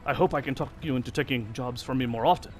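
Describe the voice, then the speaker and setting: A man's voice: medium pitch, fast talker, natural voice. A man reading a cheerful female camp quartermaster's lines in a mock old-time French stage accent. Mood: hammy. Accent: mock French, old-time stage style. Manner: theatrical read of on-screen dialogue.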